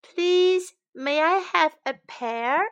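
A woman's voice: very high-pitched, extremely slow, muffled recording, pitched above the performer's own voice, heavily acted. A woman voicing a poor but polite and cheerful male beggar in a children's storybook. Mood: pleading. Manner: polite, pleading.

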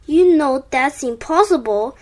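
A woman voicing an impatient, grumpy male farmer in a children's storybook, with loud, exasperated lines. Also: high voice, expressive, unhurried. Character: stern grown man farmer, impatient. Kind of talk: storybook read-aloud.

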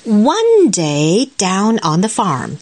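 A mother with a Chinese accent, whose first language is Mandarin, reads a picture book aloud to her child in a lively way and explains it as she goes. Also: mid-range voice, very slow. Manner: lively, mixes English reading with Mandarin explanations. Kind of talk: shared picture-book reading.

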